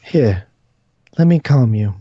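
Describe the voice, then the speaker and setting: A man's voice: medium pitch, expressive, takes it slowly, husky, no room sound, voice pushed down. A man voicing a solemn spirit in a weapon. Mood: commanding. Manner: solemn, formal speech. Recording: dull dry audio.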